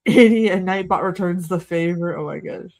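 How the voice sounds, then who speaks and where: A woman's voice: fairly low pitch, normal speed, a little mellow. A young woman hosting a livestream, casually joking through a movie watch-along and talking to her chat. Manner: chatty, joking asides to chat, frequent laughs. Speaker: livestream host.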